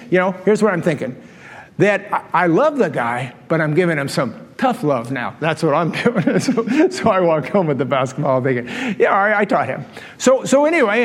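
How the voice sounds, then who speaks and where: A middle-aged man and pastor telling a story in a sermon, animated and self-mocking, often laughing at himself. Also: high-pitched. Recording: long reverb of a large hall.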